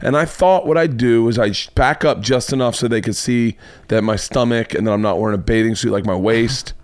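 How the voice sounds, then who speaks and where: A man hosting a comedy podcast, telling a story as a loose, swearing monologue whose voice jumps higher when he gets worked up. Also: a little fast, no echo. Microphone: podcast mic.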